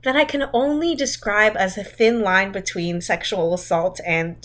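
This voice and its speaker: A woman's voice: medium pitch, normal speed. Chatty, laughing woman podcast co-host. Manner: chatty, animated, laughs often. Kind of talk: casual chat, movie roast.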